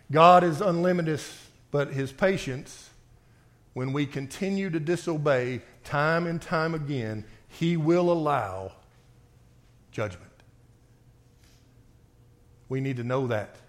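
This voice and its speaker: A man preaching a sermon and reading scripture aloud, swinging between forceful outbursts and quiet reading. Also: a little high, slow pace, pauses often. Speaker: pastor.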